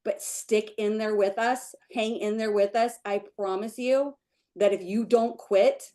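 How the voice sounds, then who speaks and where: A woman leading a team meeting on a video call, giving an emotional, gushing motivational pep talk. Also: unhurried. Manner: gushing, emotional, breaks into high excited chants. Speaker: team leader hosting a sales meeting.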